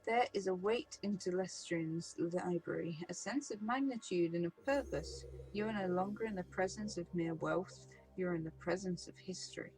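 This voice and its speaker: A woman reading a role-playing game's text aloud in a steady, descriptive way as a let's-play narrator. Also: fairly low pitch, normal speed, hardly any pauses, noisy background.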